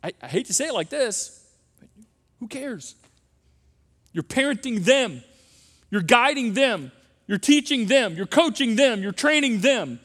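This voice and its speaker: Very animated, the same middle-aged pastor keeps hammering home his parenting sermon by repeating key phrases again and again. He speaks at a measured pace with frequent pauses, his voice a bit bright and strikingly high for a man, while the big church auditorium lends a long reverb.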